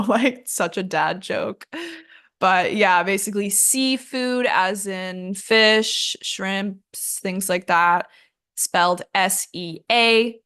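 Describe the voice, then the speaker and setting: A woman's voice: mid-range voice, a bit bright. A young woman teaching an English lesson in a casual, chatty way, laughing at herself and using lots of fillers.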